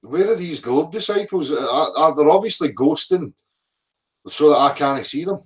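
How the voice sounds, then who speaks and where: A man's voice: on the high side, lively intonation, moderate pace. A middle-aged man, ranting profanely at viewer comments, abrasive and mocking. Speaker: flat earth video commentator. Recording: voice a bit distant from the mic.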